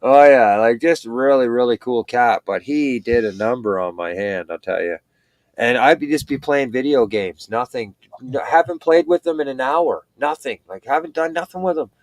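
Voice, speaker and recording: Man, casual livestream talker, rambling animated storyteller, dry close sound. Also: medium pitch, moderate pace, dry recording. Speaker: livestream chat participant. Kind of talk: casual chat.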